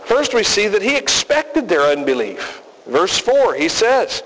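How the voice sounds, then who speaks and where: A man preaching a sermon as pastor, emphatic and deliberate with folksy asides, recorded in a reverberant hall. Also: sits high, big pitch swings, a bit bright.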